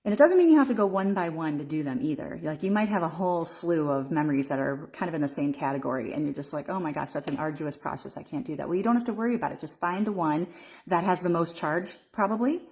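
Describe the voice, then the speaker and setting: Woman, low voice, live-stream coach, casual, rambling, fillers. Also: animated, fast talker, darkish tone. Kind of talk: Facebook Live talk.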